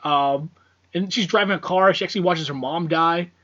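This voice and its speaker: A man's voice: a little high, normal speed, a bit bright. Rambling, cursing man on a dull podcast mic. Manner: rambling, profane, many fillers. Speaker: podcast co-host. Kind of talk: casual film discussion.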